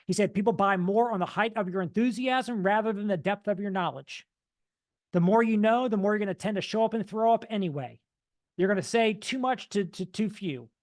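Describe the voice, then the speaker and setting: A man giving an energetic motivational talk, mimicking dull and excited voices to make his point. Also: sits high, brisk. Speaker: motivational speaker.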